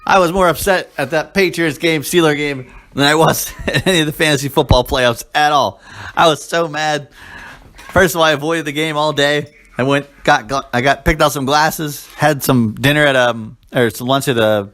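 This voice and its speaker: A man co-hosting a casual fantasy football podcast, telling stories with lively reenactments of his own reactions. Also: normal speed. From Pittsburgh area. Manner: animated storytelling, reenacting his own shouts with big jumps in pitch. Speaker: podcast co-host.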